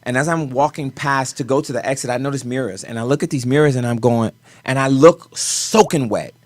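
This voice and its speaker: A man's voice: mid-range voice, fairly quick, no room sound. Man telling a dramatic story, dry sound. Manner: animated storyteller with sudden swings in loudness. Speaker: guest choreographer. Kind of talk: personal story in a talk show interview.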